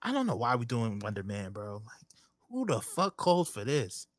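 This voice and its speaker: A man's voice: mid-range voice, big pitch swings, moderate pace, no echo, studio quality. A man co-hosting a podcast in casual chat, laid-back and agreeable, with profane slang. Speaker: podcast co-host.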